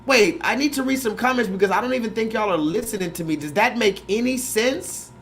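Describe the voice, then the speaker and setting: A man hosting a casual livestream, ranting with quick asides. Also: sits high, a little hiss or hum. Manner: animated, rant-like, quick asides; mocking put-on voices when quoting films. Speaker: host.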